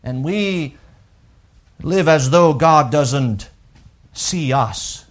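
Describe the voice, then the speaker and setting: A man preaching a sermon with emphatic swings from loud declarations to hushed, drawn-out lines, repeating words as he works through a thought. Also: on the high side, animated. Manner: unhurried, deliberate, with pauses and repeated words. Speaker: pastor.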